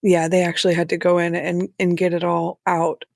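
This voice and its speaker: A woman telling her own story as a podcast guest, candid and halting, with nervous laughs. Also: on the low side, monotone, creaky, darkish tone, dry recording, studio quality. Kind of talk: personal story in a podcast interview.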